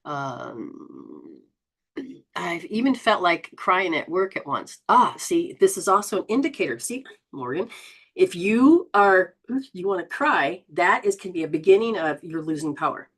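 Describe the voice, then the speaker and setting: A woman hosting a spiritual live stream, reading viewer comments and coaching them in a lively, exclaiming, rambling way. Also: on the low side, a little slow, slightly rough. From Southern Hemisphere. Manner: animated, exclaims and laughs often. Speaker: host.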